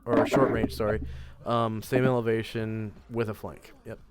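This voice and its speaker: A man narrating a tabletop game as game master, in a measured, unhurried way with fillers. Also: fairly low pitch, flat delivery, over a noisy crowd.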